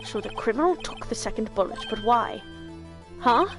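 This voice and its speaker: A woman voicing a proud young male prosecutor in a game read-aloud, low and measured. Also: animated, over music, lightly acted. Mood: smug.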